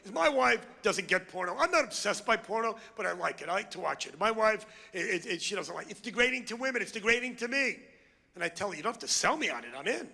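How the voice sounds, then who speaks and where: A man's voice: sits high, expressive, fast talker, creaky, sharp tone. A brash, crude male stand-up comedian doing a routine with crowd work on a comedy club stage. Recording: long hall reverb.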